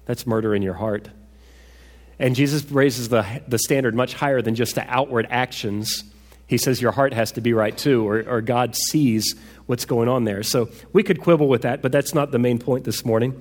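A pastor preaching in an echoey hall. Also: male voice, medium pitch, steady tone, normal speed. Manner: conversational, asks rhetorical questions. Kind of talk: sermon.

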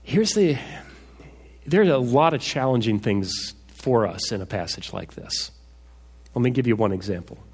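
A man's voice: medium pitch, animated, normal speed, darkish tone, breathy edge. A man preaching a sermon as a pastor, conversational and asking rhetorical questions. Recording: echoey hall reverb.

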